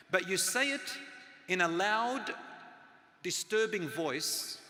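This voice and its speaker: A middle-aged man giving an earnest sermon, moving from loud emphasis to soft, hushed tones. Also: high-pitched, big-room sound. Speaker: Islamic lecturer.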